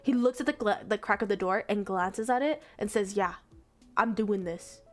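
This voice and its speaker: A young woman streamer retelling a story in casual chat, exasperated, animated and swearing freely. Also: mid-range voice, brisk, faint music behind.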